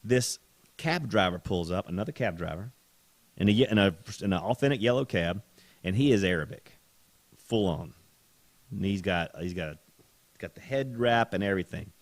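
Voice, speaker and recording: A man hosting a podcast, telling a story in a casual, animated way with laughter and repeated words. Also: low voice, moderate pace, pauses often, dry recording. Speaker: podcast host.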